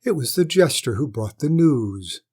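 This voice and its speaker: A male storyteller reading a fairy tale aloud in a measured, steady manner. His voice is husky and sits at an ordinary middle pitch. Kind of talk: storybook narration.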